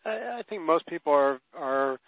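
A man's voice: on the high side, animated, normal speed, no room sound. A man hosting a call-in session, reading listeners' questions in a plain, friendly way. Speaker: host. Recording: tinny phone line, dry.

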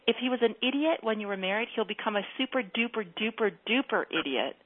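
A woman's voice: on the high side, lively intonation, quick pace. A woman coaching a caller on a radio advice show, with an emphatic, repetitive manner. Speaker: relationship coach. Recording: tinny phone-like broadcast.

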